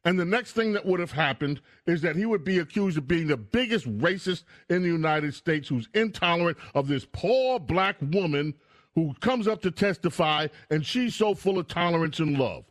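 Lively emphatic male radio host. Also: fairly high pitch, moderate pace, dry recording, studio quality. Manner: emphatic, repeats caller's name to cut in. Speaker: radio talk show host. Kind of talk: talk radio call-in. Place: radio studio. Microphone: studio microphone.

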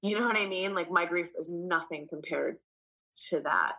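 A woman's voice: on the low side, normal speed, pushed and bright, low-quality recording. A woman, an actress guest in an interview, speaking in a reflective, earnest way. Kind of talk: casual interview chat.

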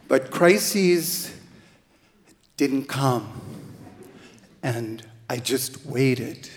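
A man telling a true story live on stage, halting and restarting as he goes. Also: medium pitch, lively intonation, long reverb tail, slight background noise. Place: theater stage.

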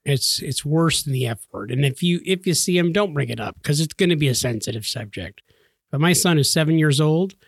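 Animated storytelling podcast co-host, a man. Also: fairly high pitch, a little fast, creaky, husky, no room sound, clean studio sound. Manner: animated storyteller, acts out voices. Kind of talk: casual chat.

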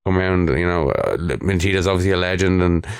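A man as co-host of a podcast, speaking in a measured, hesitant way with many fillers. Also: sits low, clear, resonant tone, no room sound, clean studio sound. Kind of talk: casual chat.

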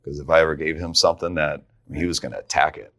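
A man with a very low voice, speaking as a guest coach on a talk podcast. He tells stories in a relaxed, conversational way, starting sentences over and laughing as he goes. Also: fast. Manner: conversational, with frequent restarts and laughs while telling stories. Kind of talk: casual storytelling.

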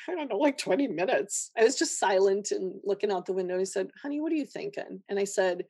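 A woman's voice: medium pitch, slightly rough, dry recording, studio quality. A woman nurse telling a personal story in a podcast chat, laughing often and acting out the people she quotes. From Minnesota, USA. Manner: animated storyteller who laughs often and acts out quoted voices. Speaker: guest, holistic nurse.

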